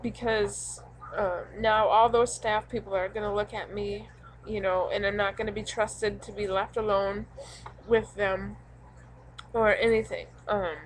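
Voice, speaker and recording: A young woman venting to camera in a halting, rambling way, full of ums, upset and frustrated. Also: medium pitch, fairly even intonation, low-quality recording. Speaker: vlogger.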